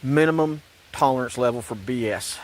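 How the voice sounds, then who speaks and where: A man's voice: medium pitch, moderate pace. A man ranting in a sarcastic, repetitive way about religion and politics, rambling and restarting his sentences. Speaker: online commentator.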